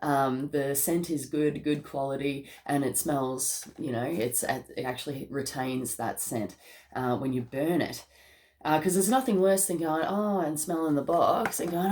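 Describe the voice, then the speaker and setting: This tarot reader is an Australian woman with a mid-range voice and measured pace, giving a reading to camera. Her manner is rambling and upbeat, with frequent laughter and plenty of "mate" aimed at listeners.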